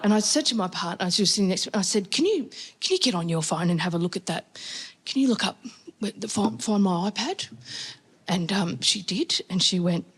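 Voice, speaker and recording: A woman's voice: medium pitch, brisk, husky. Wry Australian woman doing stand-up. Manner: chatty, wry, animated storytelling with quoted voices. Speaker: stand-up comedian. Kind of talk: stand-up storytelling. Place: comedy venue before a laughing audience.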